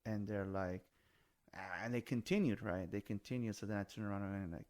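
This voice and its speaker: Animated, cussing man with low voice. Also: fairly quick. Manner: animated storyteller, swears freely, mixes in Spanish. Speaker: podcast host. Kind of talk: casual chat.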